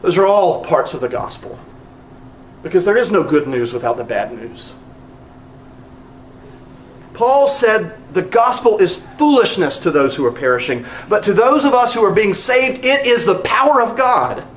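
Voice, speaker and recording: A man's voice: sits high, very animated, moderate pace, reverberant, slight background noise. A man preaching a sermon as pastor, earnest and emphatic, repeating phrases for weight.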